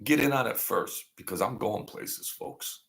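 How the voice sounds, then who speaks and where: A man's voice: fairly low pitch, measured pace, gravelly, a bit bright. A man in his sixties hosting a livestream, chatting in a rambling, sentimental and jokey way. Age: 60s. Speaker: livestream host. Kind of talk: rambling casual livestream chat.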